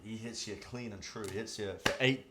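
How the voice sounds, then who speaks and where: A man's voice: on the low side, fairly even intonation, fairly quick, a crowd in the background. A man narrating a tabletop game as dungeon master, describing scenes with frequent fillers.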